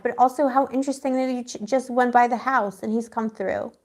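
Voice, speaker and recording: A woman with a somewhat high voice gives a live tarot reading to her viewers. She talks in a chatty, slangy, emotional way. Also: fairly even intonation, brisk, hardly any pauses, darkish tone. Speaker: tarot reader.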